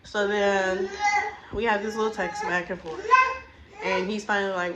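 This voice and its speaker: A woman's voice: medium pitch, normal speed, heavy background noise. A young woman telling a storytime tale in a blunt, exasperated, profane way. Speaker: storytime vlogger. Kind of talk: casual storytime rant.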